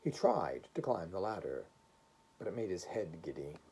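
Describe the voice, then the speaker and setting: Husky-voiced man reading a story aloud. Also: low voice, low-quality recording. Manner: expressive, measured storytelling. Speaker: reader. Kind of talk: audiobook narration of a short story.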